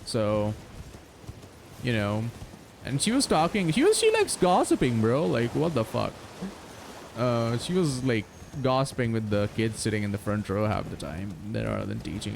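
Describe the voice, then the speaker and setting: A man in his twenties chats while he plays, his gravelly voice rising and falling with lively swings in pitch. He laughs easily and swears without a second thought. A steady noise sits behind him in the recording. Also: moderate pace. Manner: laughs often, swears freely, animated. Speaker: streamer. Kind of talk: casual chat while speedrunning a game. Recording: noisy background.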